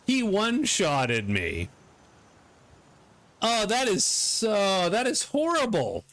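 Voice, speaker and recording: A middle-aged man giving live commentary on his gameplay, excitable, swearing and laughing often. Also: high-pitched, slow pace, dry recording. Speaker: game streamer.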